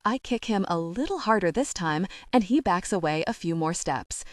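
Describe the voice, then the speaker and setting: A woman narrating a first-person romance audiobook in an intimate, measured reading. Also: lowish voice, animated, dry recording, studio quality.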